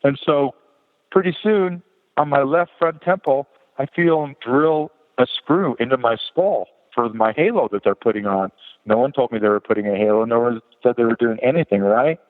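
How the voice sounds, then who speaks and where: A man's voice: medium pitch, moderate pace. A middle-aged man, a podcast guest, telling a personal story in a candid, rambling way with frequent restarts. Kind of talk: personal story told in an interview. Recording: tinny phone line with long reverb.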